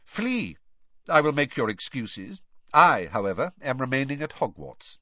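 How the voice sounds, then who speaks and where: A man's voice: mid-range voice, big pitch swings, a little slow, bright, forceful tone, no room sound, muffled recording, voice pushed up, heavily acted. A man voicing a cold, stern teacher who speaks in a curt, clipped, snarling way.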